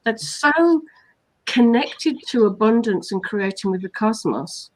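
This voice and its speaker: A woman's voice: fairly high pitch, animated, a little slow, low-quality recording. A woman hypnotherapist from England hosting a live online talk, explaining points and listing them earnestly. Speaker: hypnotherapist host.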